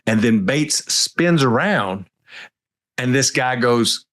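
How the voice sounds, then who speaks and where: A man's voice: medium pitch, lively intonation, slow pace, fairly bright tone. A man, co-hosting a political podcast in a folksy, joking way. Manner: folksy and joking, wraps up the show. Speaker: podcast co-host. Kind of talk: casual political chat.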